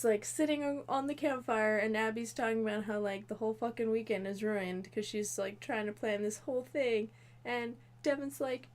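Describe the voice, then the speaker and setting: A woman in her twenties giving a rambling, profane, exasperated comedic recap of a movie. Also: a little high. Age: 20s. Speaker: comedy video host.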